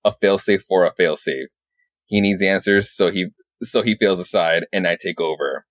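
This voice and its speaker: A man growling out Batman's brooding low monologue. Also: dry recording, clean studio sound, natural voice. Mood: grim. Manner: slow, hushed, deep-voiced monologue. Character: brooding grim male superhero, gravelly and solemn.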